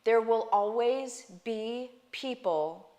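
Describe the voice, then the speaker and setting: Her voice is fairly high and a little mellow, and she speaks slowly. A vlogger who also coaches online businesses, she gives her viewers a sincere, emphatic talk about faith, repeatedly saying "guys" and checking in with "right?"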